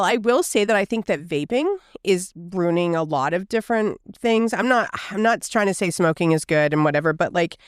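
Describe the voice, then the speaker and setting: A woman's voice: on the low side, smooth, dry recording, studio quality. A woman from Canada, a podcast guest talking casually and filling her speech with "like". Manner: chatty, many "like" fillers. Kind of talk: casual chat. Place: outdoor patio.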